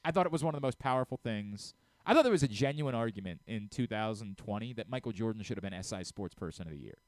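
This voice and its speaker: A man's voice: on the low side, animated, fast, no room sound. Middle-aged guy doing sports talk radio, earnest and kinda emotional, stumbles and restarts a lot, dry close mic. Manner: earnest, openly emotional, frequent stammered restarts.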